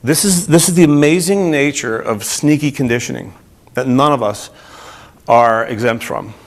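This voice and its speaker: Lively New Jersey man giving a talk. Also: medium pitch, normal speed. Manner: energetic, asks the audience questions. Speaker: speaker. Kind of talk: motivational talk to a group.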